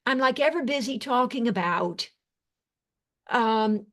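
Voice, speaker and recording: An older woman, a psychiatrist, hosting a live webinar Q&A, reading chat comments aloud with effusive thanks and halting restarts over a video call. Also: a little high, animated, fairly bright tone.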